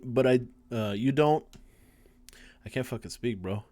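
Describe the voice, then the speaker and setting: A man's voice: mid-range voice, a little slow, dark tone. Casual, cursing male streamer. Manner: casual, swears often, stumbles while reading aloud. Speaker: streamer playing a game. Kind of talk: casual live-stream commentary.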